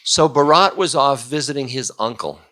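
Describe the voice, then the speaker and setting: A man's voice: mid-range voice, animated, normal speed, bright, forceful tone, slight background noise. A man telling a bedtime story casually, with chatty asides to his listeners.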